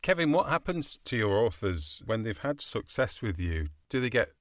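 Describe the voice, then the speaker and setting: Low-voiced male podcast host, dry sound. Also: very animated, moderate pace, dry recording. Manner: brief encouraging interjections. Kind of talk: casual interview.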